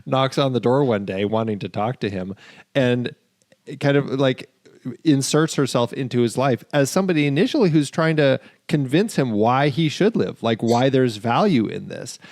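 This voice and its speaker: A man's voice: medium pitch, animated, moderate pace, a little mellow, no room sound, clean studio sound. A man co-hosting a casual film discussion, agreeing often and then making his point. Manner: frequent agreeing backchannels. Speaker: podcast co-host.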